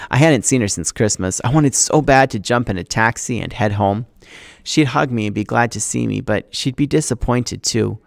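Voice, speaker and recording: A man's voice: mid-range voice, moderate pace, vocal fry, dry recording, studio quality. A man teacher reading a novel aloud to his class, acting out the dialogue with expression.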